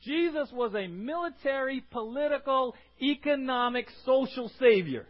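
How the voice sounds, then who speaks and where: Casual sermon from a pastor guy with a really high voice, lively, dull muffled recording. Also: moderate pace, hardly any pauses. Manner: animated, keeps asking "right?", bursts into acted shouts.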